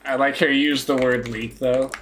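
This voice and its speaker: A young man keeps up a loose, joking stream chat, often laughing at himself. His pitch sits in a middle range, and a faint hiss hangs under the voice. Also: flat delivery, normal speed, fairly bright tone. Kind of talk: casual live-stream chat.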